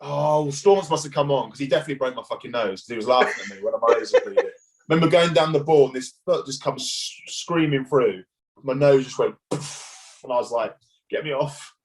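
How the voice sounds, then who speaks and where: A man's voice: mid-range voice, fairly quick, poor audio. A man in his thirties, a former rugby player, casually telling stories as a podcast guest and swearing freely. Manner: laid-back storytelling, swears freely. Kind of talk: casual chat.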